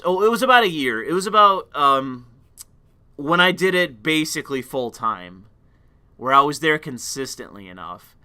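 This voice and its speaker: A young man casually telling a rambling, profane story on a stream, loud by his own account. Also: on the high side, clean tone.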